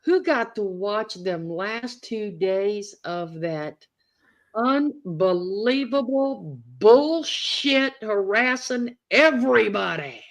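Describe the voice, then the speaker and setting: A woman's voice: medium pitch, expressive, slow pace, low-quality recording. A woman hosting a casual livestream, blunt and salty, greeting viewers by name. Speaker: livestream host.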